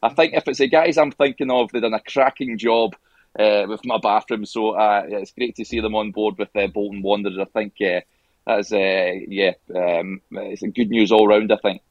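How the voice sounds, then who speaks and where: A man's voice: lowish voice, fairly even intonation, moderate pace, dry recording, highs cut off. A man appearing as a guest on a casual podcast chat, chatty and easygoing, laughing along with the host.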